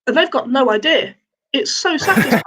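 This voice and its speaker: A young woman with a Northern English accent doing a deadpan, self-mocking stand-up routine. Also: sits high, normal speed. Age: young adult. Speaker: stand-up comedian. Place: home, online showcase.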